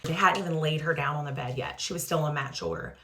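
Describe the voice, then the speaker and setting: A woman's voice: low voice, quick pace, fairly bright tone. A woman in her thirties, a mother casually retelling a frightening family story for her vlog, full of "like" and "um" fillers. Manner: trying a skincare product while talking.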